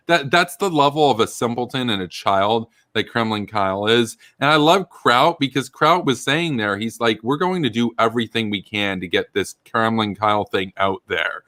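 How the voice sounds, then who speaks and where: A man's voice: mid-range voice, moderate pace, few pauses, sharp tone, no echo, studio quality. A man hosting a political commentary chat, heated and ranting, swearing freely as he talks.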